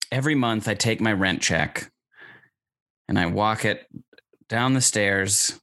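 A man's voice: fairly low pitch, takes it slowly, sharp tone, exaggerated voice. An improv performer, a man, playing a defensive roommate who earnestly pleads to be believed. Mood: pleading.

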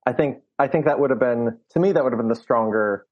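A man's voice: medium pitch, fast talker, lo-fi sound. A man co-hosting a podcast, talking through a film in casual chat with many restarts. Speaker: podcast co-host.

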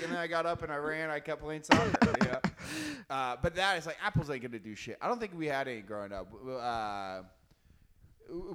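A young man co-hosting a casual chat, joking and swearing, laughing often. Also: fairly high pitch. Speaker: podcast co-host.

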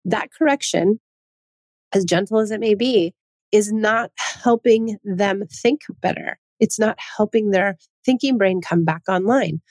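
A woman's voice: mid-range voice, unhurried, darkish tone, no room sound. A woman hosting a parenting talk, earnest and full of rhetorical questions, often restarting her sentences. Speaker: parenting podcast host. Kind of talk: casual advice talk.

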